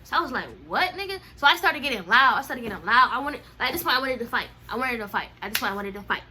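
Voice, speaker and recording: Animated young woman telling a story. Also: racing, slight background noise. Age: young adult. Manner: animated, slangy, acts out quotes with swings in pitch and loudness. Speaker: storyteller vlogger. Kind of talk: casual storytime.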